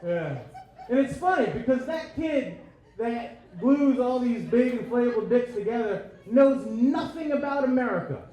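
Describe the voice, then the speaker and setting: Brash, profane comedian in an echoey club. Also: male voice, very high voice, expressive, a little slow, warm tone. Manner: brash, profane, laughing at own jokes. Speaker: stand-up comedian. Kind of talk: crude stand-up set. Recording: very echoey club room with crowd.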